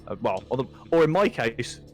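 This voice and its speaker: A man's voice: medium pitch, sing-song, fairly quick, soft background music. A man with a nasal, posh English accent, introducing himself as a player and hesitating with many ums. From England. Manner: hesitant, lots of ums and uhs. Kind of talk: casual chat.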